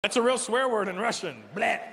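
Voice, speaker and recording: A man from Canada in his fifties, performing live stand-up with brash, animated storytelling. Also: high voice, brisk, vocal fry, noisy background. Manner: animated, brash storytelling that jumps into character voices. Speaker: stand-up comedian. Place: large live venue. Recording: echoey hall with loud ambience.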